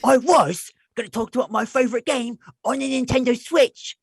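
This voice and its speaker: A man's voice: very high-pitched, gravelly, slightly rough, no echo, clean studio sound, pitched above the performer's own voice, heavily acted. A man voicing a cross, whiny ten-year-old British boy with a sulky, indignant manner and a British accent. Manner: sulky, indignant, drawn-out complaining.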